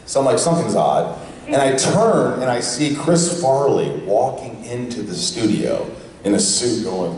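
A man with a hoarse voice telling a joking story to a fan audience, heard from afar in a big convention hall. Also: mid-range voice, moderate pace, a crowd in the background. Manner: joking, loud bursts of impressions. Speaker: actor on a convention panel. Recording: distant, echoey convention hall.

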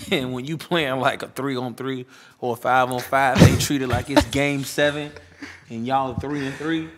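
A man's voice: mid-range voice, steady tone, unhurried. A young man from Chicago, a DJ, chatting casually in an interview, joking, profane and rambling. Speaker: DJ guest.

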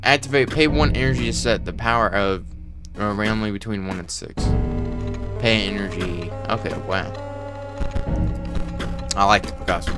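A young man casually commentating his own gameplay, reading card text aloud with excitable reactions. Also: fairly low pitch, moderate pace, pauses often, over music. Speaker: gaming let's-play host.

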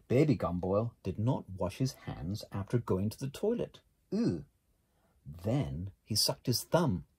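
A man reading a children's picture book aloud, animated, gasping and exclaiming at the pictures. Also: lowish voice, a little slow, breathy edge. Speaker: reader.

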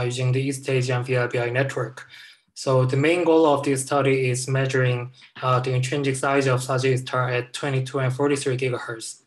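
A man's voice: medium pitch, a bit bright. A man, a postdoctoral researcher, giving a hesitant research talk over a video call, with many fillers. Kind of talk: online conference talk.

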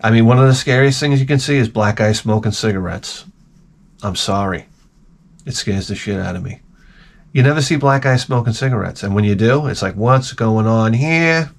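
A man hosting a video, telling a rambling, profane comic rant with lots of restarts and asides, swinging between loud bursts and muttered remarks. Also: on the low side, brisk. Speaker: video host.

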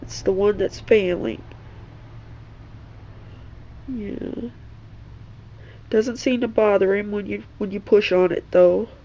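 Gentle slow-talking woman with a gravelly voice. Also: mid-range voice, steady tone, lo-fi sound. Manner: tender, coaxing baby talk; slow, gentle, at times whispered. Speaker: vlogger. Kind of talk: soft chat to a pet and viewers.

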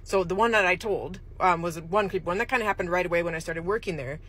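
A woman's voice: lowish voice, quick pace, fairly bright tone, slightly rough. A woman casually telling a creepy true story, chatty and rambling, with laughs mid-sentence. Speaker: storyteller host.

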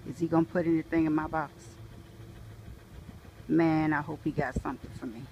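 A woman's voice: sits low, steady tone, fairly quick, darkish tone, highs cut off, a little hiss or hum. A woman filming herself outdoors near her home in a casual vlog. She chats playfully to herself and breaks into sing-song calls. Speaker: vlogger. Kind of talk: casual self-filmed vlog.

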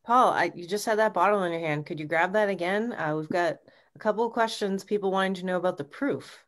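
A woman's voice: fairly low pitch, fast. A woman hosting a live-streamed Q&A, relaying and grouping viewer questions for her guest. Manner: organized, grouping questions together.

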